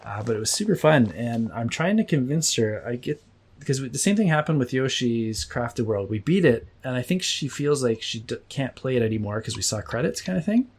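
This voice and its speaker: A man in his thirties chatting easily on a podcast, his voice sitting at an ordinary middle pitch. He tells loose, rambling stories and leans on fillers as he goes. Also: brisk, slightly rough. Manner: relaxed storytelling with many fillers. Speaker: podcast co-host. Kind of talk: casual chat.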